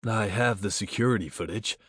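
A man voicing an apologetic male security guard, speaking in halting, remorseful bits in an audiobook. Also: lowish voice, fairly bright tone, husky, no echo, studio quality.

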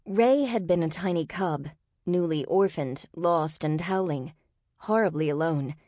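A woman reads an audiobook with steady, expressive narration. Her voice is low, and the recording is dry and close, with no room around it. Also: unhurried, no echo. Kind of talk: scripted narration.

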